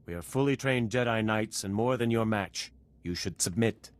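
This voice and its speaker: Male actor as a principled Jedi in a video game: fairly low voice, measured and earnest. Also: close to an everyday voice. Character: thoughtful male Jedi Knight, calm and principled.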